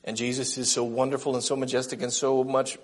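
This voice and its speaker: A man preaching a gentle, earnest sermon, slowing down for emphasis and reading a story aloud. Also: mid-range voice, flat delivery.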